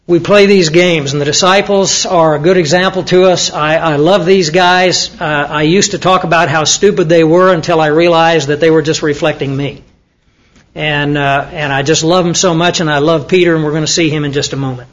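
A man with a high voice gives a Bible lesson to a class of students. He talks in an easy, conversational way and often puts questions to his listeners. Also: normal speed, a bit bright, dull audio. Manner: conversational, asks the audience questions, with fillers. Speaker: Bible teacher.

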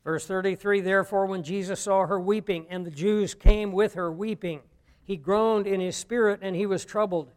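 A pastor preaching a sermon, dropping to a hush and then rising to loud emphatic lines. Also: male voice, sits high, fairly even intonation, normal speed, clear, resonant tone. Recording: long hall reverb.

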